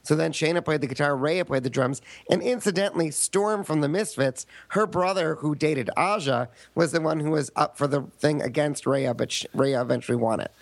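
A man's voice: a little high, a little fast, vocal fry, hardly any pauses, no echo. A man co-hosting a comedy podcast, chatting casually in a campy way and reeling off trivia. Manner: campy, detail-obsessed trivia talk. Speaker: podcast co-host.

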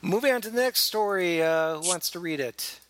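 Bright-voiced man hosting a podcast. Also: high-pitched, lively intonation, moderate pace, no room sound. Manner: jokey, stumbling restarts. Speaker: podcast host. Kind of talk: casual chat, reading news.

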